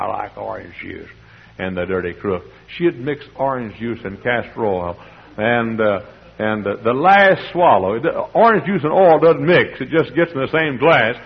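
Older male preacher, husky voice, homespun storyteller who breaks into shouts; muffled lo-fi radio sound. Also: mid-range voice. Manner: folksy storytelling with sudden shouted climaxes. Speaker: pastor. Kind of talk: sermon. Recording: dull lo-fi radio broadcast.

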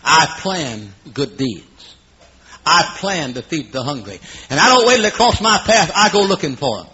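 A man in his fifties preaching a sermon, dramatic, swinging between hushed asides and loud exclamations. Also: on the high side, sing-song, moderate pace, a crowd in the background. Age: 50s. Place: room at an evening gathering. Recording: dull lo-fi recording.

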